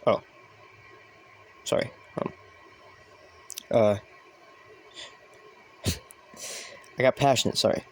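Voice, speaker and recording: A man's voice: medium pitch, steady tone, takes it slowly, pauses often, darkish tone, slight background noise. A man hosting a comedy show, talking in a rambling, hesitant way with many ums and uhs. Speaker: host.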